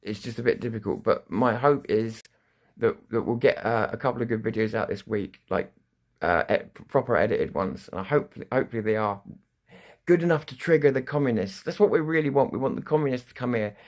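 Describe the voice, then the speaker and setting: A man's voice: mid-range voice, fairly quick. A man hosting a live stream, talking in a rambling way, restarting sentences and swearing freely. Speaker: livestream news host. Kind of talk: casual live-stream monologue.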